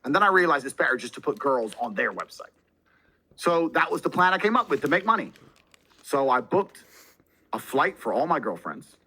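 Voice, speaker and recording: A brash, boastful man telling a story as a podcast guest, swearing a lot and breaking into loud, excited bursts. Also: on the high side, normal speed, breathy edge, low-quality recording. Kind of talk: casual storytelling.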